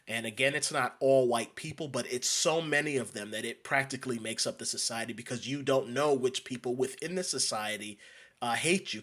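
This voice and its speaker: A man's voice: mid-range voice, a bit bright. A man from New York delivering an emphatic ranting monologue, repeating and restarting phrases. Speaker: commentator.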